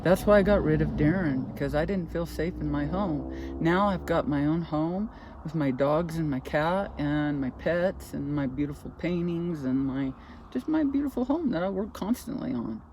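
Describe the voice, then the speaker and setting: Sitting in her car, a vlogger rants agitatedly to her camera, swearing constantly in a casual tirade. Her voice is low and expressive at a moderate pace, with a noisy background.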